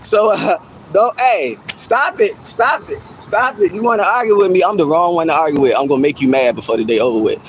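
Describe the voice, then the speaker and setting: A man's voice: a little high, quick pace, a little hiss or hum, low-quality recording. A man livestreaming outdoors in casual chat, teasing and laughing at his viewers and repeating himself for effect.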